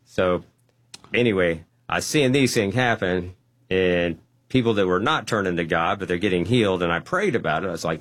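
A man telling a personal testimony story, animated and acting out the quotes. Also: sits low, moderate pace. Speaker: guest.

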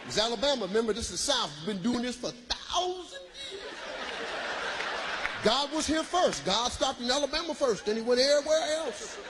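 A man doing a stand-up routine, working the crowd loudly with shouts and laughter. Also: very high voice, brisk. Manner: loud, animated, bursts of shouting and laughter. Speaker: stand-up comedian. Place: live comedy venue. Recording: live crowd and room noise.

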